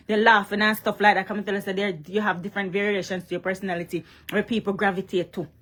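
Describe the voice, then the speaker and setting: A woman's voice: mid-range voice, a bit bright. A woman with a Jamaican accent gives a heated, scolding vlog monologue that calls out a rival, mixing Patois and English. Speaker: vlogger.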